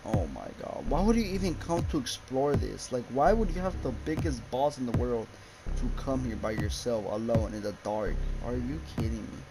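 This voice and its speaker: A man's voice: medium pitch, expressive, moderate pace, music in the background, poor audio. Jumpy swearing young gamer guy. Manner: jumpy, swearing, yelps and exclaims; mutters nervously to himself. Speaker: gaming YouTuber. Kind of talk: horror game commentary.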